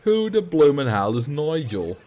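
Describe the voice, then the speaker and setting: A streamer playing a cocky British bloke, using mock slang and picking fights. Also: male voice, a little high, sing-song, measured pace, a little mellow, faint music behind. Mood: belligerent.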